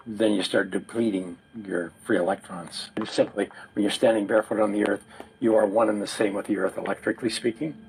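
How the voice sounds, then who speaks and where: A man with a lowish voice explains a technical idea in a patient, lecturing manner as an interview guest. A faint hum of ambience sits behind him. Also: steady tone, a little fast, darkish tone, poor audio.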